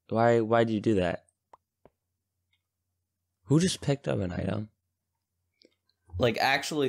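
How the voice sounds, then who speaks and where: Young male let's-player, low-pitched, nervy and easily spooked, dry close sound. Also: vocal fry, no room sound. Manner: jittery, frightened, repeats pleas. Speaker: gamer streamer. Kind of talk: let's play commentary.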